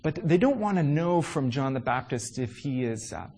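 A man preaching a sermon to his congregation. He is animated and emphatic, asks many rhetorical questions, and often pauses on "uh" fillers. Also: medium pitch.

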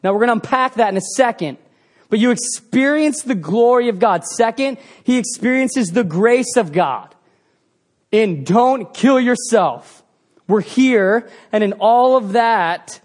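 A high-voiced man preaches a sermon, telling the story with animated sound effects. His delivery swings between loud bursts and hushed passages.

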